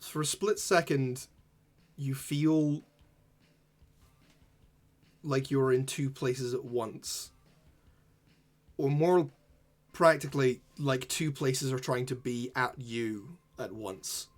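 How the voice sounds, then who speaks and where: A man narrating a tabletop role-playing game as game master, describing scenes slowly and deliberately. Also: medium pitch, steady tone.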